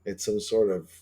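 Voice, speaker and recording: Rambling, profane man with a mellow voice. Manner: rambling, profane, frequent fillers and restarts; acts out quoted dialogue in a higher voice. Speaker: channel host. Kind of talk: casual rambling monologue.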